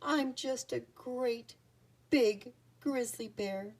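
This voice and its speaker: Lady doing a sniffly gentle bear cub in a picture book, talks soft and shy, kinda high. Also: big pitch swings, normal speed. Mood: tearful. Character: gentle, lonely young male grizzly bear. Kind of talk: storybook read-aloud.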